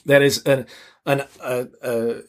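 A man's voice: mid-range voice, little pitch movement, takes it slowly. A man in a casual theological conversation, explaining ideas step by step with frequent restarts.

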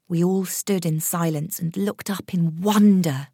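Lady reading a horror audiobook, lowish voice, measured, no room echo. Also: steady tone, dark tone, breathy edge, clean studio sound. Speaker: narrator. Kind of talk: scripted narration of a horror story.

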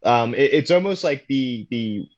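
A man's voice: medium pitch, animated, unhurried, a little mellow, lo-fi sound. A man in casual podcast chat, explaining things thoughtfully as a co-host.

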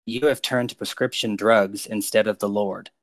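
A man on a podcast delivering prophetic words to named listeners in a slow, earnest, pastoral way. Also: lowish voice, steady tone, no room sound.

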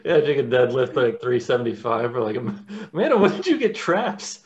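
A man's voice: medium pitch, sing-song, fairly quick. A man co-hosting a podcast who rambles with many fillers and laughs along in casual banter. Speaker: podcast co-host. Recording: dull, lo-fi sound.

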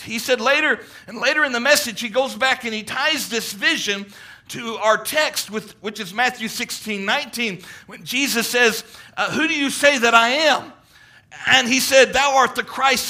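Fervent high-voiced preacher man. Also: moderate pace, pushed and bright. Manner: fervent, quoting at length, rising emphasis. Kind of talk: sermon retelling a vision.

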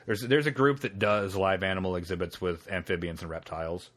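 A man's voice: deep voice, steady tone, brisk, a bit bright. A man hosting a casual podcast chat, laid-back, with dry humor and casual swearing. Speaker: podcast host.

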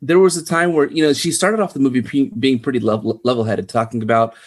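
A man's voice: medium pitch, fast. A man co-hosting a casual movie review podcast, animatedly quoting lines from a film. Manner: animated, quotes dialogue in retelling. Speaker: podcast co-host.

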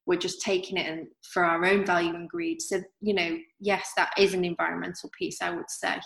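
A woman artist from northern England with a softened northern accent, chatting casually in an interview and using many fillers and restarts. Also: lowish voice, level tone, brisk, gravelly. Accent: softened northern English. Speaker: artist guest. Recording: roomy echo.

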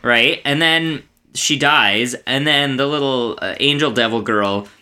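A man's voice: mid-range voice, measured pace, pushed and bright, clear, resonant tone. A man chatting casually about a movie, hesitant and loose, often trailing off. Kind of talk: casual film discussion.

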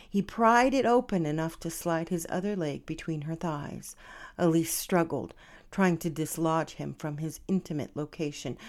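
Slow, soft-spoken woman reading a romance. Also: low-pitched. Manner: soft, slow, formal reading; loose and chatty after. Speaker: romance author and reader. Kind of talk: audiobook reading, then casual chat to listeners.

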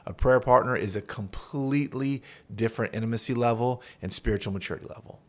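A man's voice: mid-range voice, quick pace. A man, a pastor, talking earnestly on a podcast and walking through example prayers as he teaches. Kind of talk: podcast conversation.

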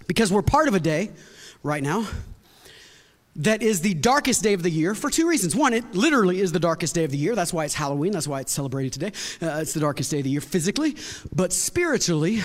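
Male pastor, very high voice, energetic sermon with shouts, reverberant church hall. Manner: energetic, repeats words and restarts, bursts into shouts.

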